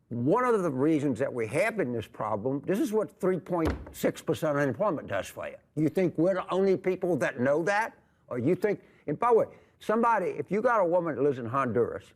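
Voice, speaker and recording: An older man arguing heatedly on a TV panel, emphatic and repetitive, often restarting his sentences. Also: a little high. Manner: emphatic, repetitive, jumping between thoughts. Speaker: political commentator guest. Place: TV studio with audience.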